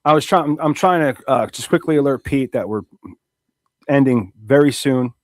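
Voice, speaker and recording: A man's voice: medium pitch, normal speed, dry recording. A man co-hosting a podcast, chatting casually with wry asides and offhand swearing. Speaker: podcast co-host. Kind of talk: casual chat.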